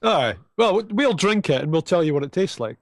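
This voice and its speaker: A man's voice: a little high, sing-song, fast talker. A man with a Scottish accent, a guest panelist in casual, jokey banter who laughs often.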